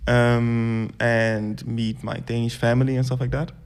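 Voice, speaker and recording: A young man, a guest on a casual podcast, who tells his stories in a relaxed way and swears offhandedly. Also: medium pitch, a little slow, clear, resonant tone.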